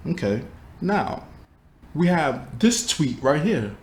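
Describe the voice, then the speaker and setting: A man's voice: a little high, very animated, takes it slowly. Exasperated man talking to viewers. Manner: exasperated, rhetorical, addresses viewers directly. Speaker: YouTube commentator. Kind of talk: reaction commentary.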